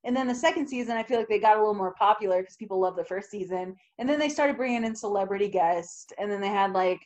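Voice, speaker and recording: A woman's voice: mid-range voice, fast talker, hardly any pauses, a little mellow. A young adult woman co-hosting a podcast, talking casually with many fillers and frequent laughs. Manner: chatty, laughs often, filler-heavy. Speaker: podcast co-host. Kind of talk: casual chat.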